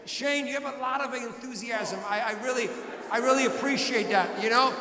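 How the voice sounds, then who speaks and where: A man doing stand-up crowd work in a large theatre, teasing audience members loudly and often shouting. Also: very high-pitched, brisk. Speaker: stand-up comedian. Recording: echoey hall, loud crowd.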